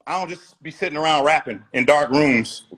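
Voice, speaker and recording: A man's voice: fairly high pitch, brisk, fairly bright tone, breathy edge. A man talking as a rapper guest in a casual interview, blunt, emphatic and profane.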